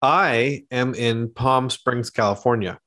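A Canadian man, a pastor and theologian, talking thoughtfully as an interview guest, with many pauses and ums, over a video call. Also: medium pitch, fairly bright tone. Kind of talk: conversational interview.

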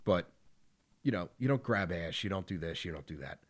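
Man, low-ish voice, casual podcast chat, blunt, profane, filler-heavy. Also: lively intonation, normal speed. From Philadelphia area. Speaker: podcast host.

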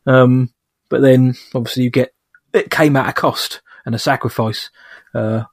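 A man's voice: mid-range voice, fairly even intonation, moderate pace, no room sound, clean studio sound. A man co-hosting a podcast, chatting casually about a film, often restarting and correcting himself as he jokes along. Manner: rambling, self-correcting, joking. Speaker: podcast co-host.

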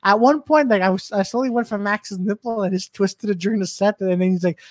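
A man with a notably high voice rambles through stories at a casual podcast table. He laughs at his own jokes and keeps talking over the others. The sound is close and dry. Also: a little fast, no echo. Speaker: podcast co-host and comedian. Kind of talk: casual chat among friends.

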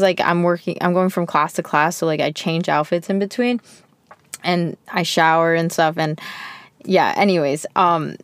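A woman's voice: lowish voice, clean tone, no room sound. A young woman in her twenties hosting a podcast, talking casually and heartfelt with lots of fillers and rambling asides. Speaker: podcast host. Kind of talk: casual personal podcast monologue.

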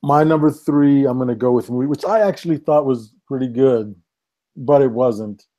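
A man's voice: mid-range voice, normal speed, mellow. A man co-hosting a podcast, chatting casually about movies in a laid-back way. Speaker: podcast co-host.

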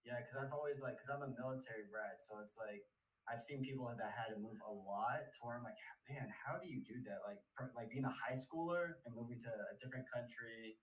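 A man's voice: mid-range voice, fairly quick. A man from Germany, raised in the U.S., chatting casually as a guest in a laid-back, slangy way over a remote call. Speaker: podcast guest. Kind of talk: casual chat. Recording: roomy, distant mic.

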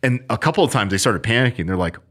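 A man, a firearms instructor, telling a story in casual chat with lively acted-out quotes. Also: medium pitch, fast.

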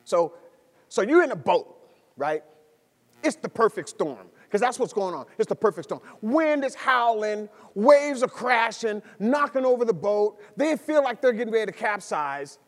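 A man preaching a sermon as pastor, swinging between soft storytelling and loud, excited delivery. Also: high voice, moderate pace, big-room sound. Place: church sanctuary.

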